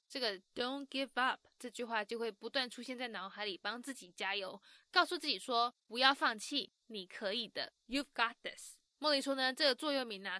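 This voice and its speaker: A woman's voice: high voice, pushed and bright, dry recording. A woman host narrating a radio story, mixing in English words. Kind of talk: bright scripted narration.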